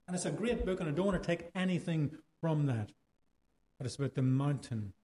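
Irish preacher with a mellow voice. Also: male voice, on the high side, lively intonation, a little fast. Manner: conversational, rhetorical questions, varied pace. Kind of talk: sermon.

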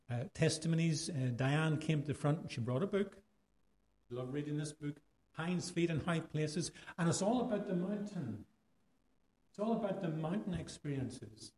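Irish male preacher, slightly high, warm tone, chatty sermon delivery with rhetorical questions. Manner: conversational, rhetorical questions, varied pace.

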